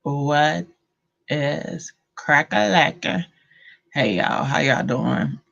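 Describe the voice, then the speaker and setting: A woman's voice: sits low, drawn-out words, gravelly, fairly bright tone. Laid-back Southern woman chatting on a livestream. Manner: slangy, laid-back, talks to chat. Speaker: livestream host. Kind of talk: casual livestream chat with viewers. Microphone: phone. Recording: dull lo-fi phone audio.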